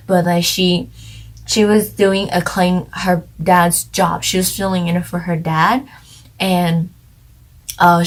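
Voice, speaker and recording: A young woman co-hosting a channel, casually reviewing a TV drama in a rambling, chatty way full of "like". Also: lowish voice. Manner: chatty, rambling, heavy use of "like".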